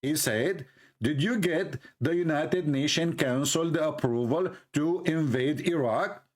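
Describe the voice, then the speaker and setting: A man comments mockingly on a clip, needling and repeating his point in halting English. His voice sits a little higher than most men's. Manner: sarcastic, repetitive, in halting English.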